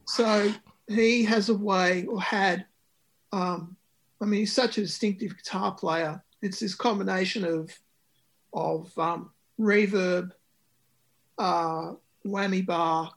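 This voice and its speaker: A man's voice: high voice, fairly even intonation, slow, fairly bright tone. A man, a musician talking about his record in an interview, with many ums and restarts. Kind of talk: conversational interview.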